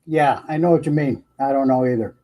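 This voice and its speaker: A man's voice: medium pitch, brisk, warm tone. A man in casual group chat who agrees emphatically and repeats himself.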